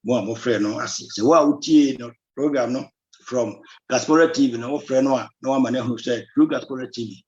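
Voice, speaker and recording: A man's voice: mid-range voice, brisk, a little mellow. A Ghanaian-accented man runs a live talk show and welcomes his viewers one by one. His voice sits in a middle range. The sound is dull and lo-fi, like a web stream. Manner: mixes Twi and English, reads out names and phone numbers. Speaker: host. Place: Belgium.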